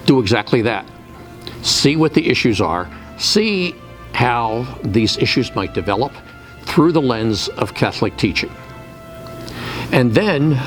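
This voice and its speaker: Measured, low-voiced middle-aged man. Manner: measured, deliberate, with frequent pauses and fillers. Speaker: Catholic policy advocate. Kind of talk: interview answers to camera. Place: state capitol building, indoors.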